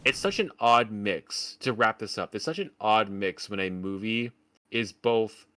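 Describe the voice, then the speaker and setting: A man's voice: lowish voice, unhurried, pushed and bright. A man co-hosting a podcast, ranting about a film in casual, profane, sarcastic talk. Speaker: podcast co-host. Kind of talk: casual film review chat.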